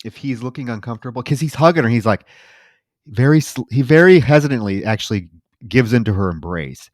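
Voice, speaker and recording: A man on a film podcast, casually retelling scenes in lively, profane detail. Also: medium pitch, no room sound, clean studio sound.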